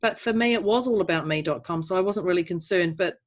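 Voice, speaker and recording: A woman's voice: fairly low pitch, quick pace. A woman co-hosting a podcast, talking casually. She tells a personal story in a chatty, self-deprecating way and breaks into laughter now and then. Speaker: podcast co-host. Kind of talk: casual conversation.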